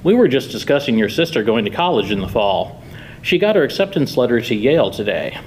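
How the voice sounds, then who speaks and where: A man voicing a formal, measured suburban father in a story reading, the kind who sounds a little creepy. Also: mid-range voice, very animated, a little mellow, slight background noise, natural voice, low-quality recording.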